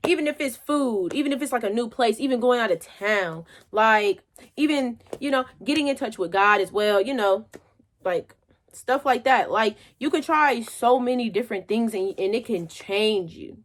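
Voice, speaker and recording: A woman's voice: on the high side, lively intonation, moderate pace. A young woman vlogger telling a motivational story in a chatty, colloquial way.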